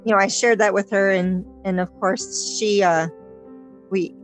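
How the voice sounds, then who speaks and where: A woman chatting on a podcast, telling a personal story hesitantly with many pauses and restarts. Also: medium pitch, steady tone, soft background music, low-quality recording. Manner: hesitant, lots of ums and restarts. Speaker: podcast guest. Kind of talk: casual chat.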